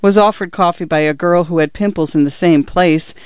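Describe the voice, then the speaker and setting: A woman reading short stories aloud as the narrator of a reading service, measured and even. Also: fairly low pitch, no room sound. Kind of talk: scripted narration. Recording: dull, dry lo-fi recording.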